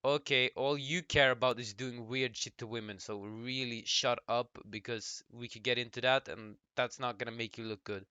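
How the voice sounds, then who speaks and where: A man's voice: mid-range voice, steady tone, moderate pace, hardly any pauses, sharp tone, clear, resonant tone, no echo. A man giving casual reaction commentary, cutting in with blunt, dismissive rebuttals. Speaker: YouTube commentator reacting to a clip.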